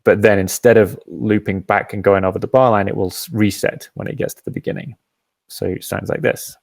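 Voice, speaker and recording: A man hosting a live app demo, patiently explaining each step and often pausing with "um". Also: on the low side, steady tone, creaky, a little hiss or hum. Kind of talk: software demo and Q&A.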